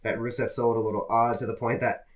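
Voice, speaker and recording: A man at an everyday middle pitch gives a casual spoken recap on a podcast. His delivery is dry and running, and he swears freely along the way. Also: level tone, fast. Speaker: podcast co-host. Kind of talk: casual chat, recapping shows.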